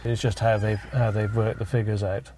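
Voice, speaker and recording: Dry, mellow-voiced British man. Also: on the low side, flat delivery, normal speed, a little hiss or hum. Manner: dry, laconic, understated. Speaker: podcast co-host. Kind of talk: casual chat.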